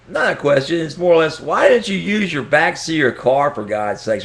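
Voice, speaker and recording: Rambling, joking man. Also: fairly high pitch. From Texas, US. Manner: joking, crude, chuckling to himself. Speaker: vlogger. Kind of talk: casual rambling monologue.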